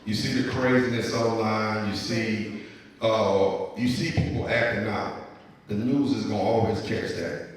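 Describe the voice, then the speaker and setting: A man hosts a live podcast in front of an audience and tells his stories with lively, laughing energy. His voice sits a little low. It rings through a big echoey hall, picked up from a distance with a long reverb tail. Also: unhurried. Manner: animated, laughing storyteller. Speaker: city councilman and podcast host. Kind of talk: live podcast hosting and storytelling.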